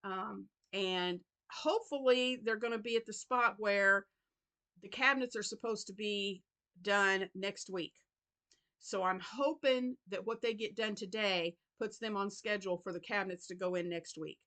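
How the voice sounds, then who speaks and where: Bright-voiced chatty woman. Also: mid-range voice, moderate pace. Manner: warm chatty talk with many ums and y'alls. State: choked up. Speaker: crochet channel host. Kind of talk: casual vlog chat.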